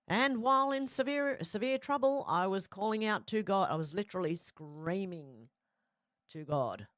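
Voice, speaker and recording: A woman's voice: medium pitch, lively intonation, normal speed, a bit bright, no room sound, studio quality. A middle-aged woman hosting a casual live chat, reading viewer comments aloud and reacting with frequent laughs. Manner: chatty, laughs often, reads comments aloud.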